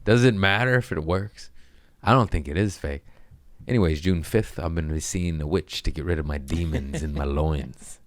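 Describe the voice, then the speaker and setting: Male podcast host, deep voice, dry close sound, crude rambling jokes, casual monologue. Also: moderate pace, no echo. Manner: crude, joking, rambling, laughs at himself.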